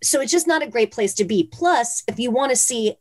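A former dancer from Phoenix, Arizona, is a guest in a casual interview, telling stories with animated retellings. She's chatty, with loads of "like" and "you know." Her voice is a little high and fairly quick.

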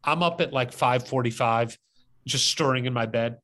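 Outdoors just as rain starts, a male podcast host spins a casual tale, playing out his own role with animation. He talks at a normal speed in a mid-range voice that comes across pushed and bright.

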